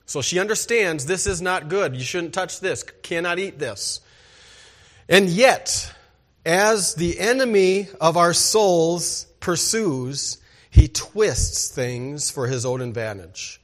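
A man's voice: on the high side, expressive, takes it slowly. A man preaching a sermon as pastor, emphatic and asking the congregation rhetorical questions.

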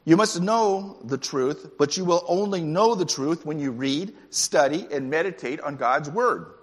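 Male pastor preaching, somewhat high-pitched, long reverb, lively climbs. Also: a little slow. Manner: animated preaching with rising excited peaks. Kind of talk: sermon.

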